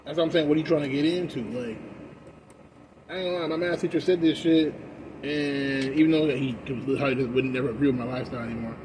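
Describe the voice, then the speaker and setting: Young man, mid-pitch, stoned casual rant, profane, uneven volume, faint noise. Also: fairly even intonation, fast. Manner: profane and rambling, loud bursts then mumbling. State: high. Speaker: vlogger.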